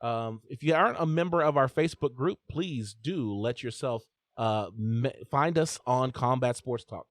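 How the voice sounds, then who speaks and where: A man hosts a live call-in sports show with chatty energy, stumbling over fillers and restarting lines. His voice sits in a middle pitch, close to the mic in a very dry space with no room sound. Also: moderate pace, no room sound. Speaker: host.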